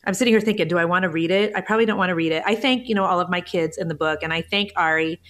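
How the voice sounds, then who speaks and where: A woman's voice: lowish voice, racing, fairly bright tone. A woman in her forties, a guest author in a podcast interview, telling her story with a lot of emotion and close to tears. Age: 40s. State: tearful.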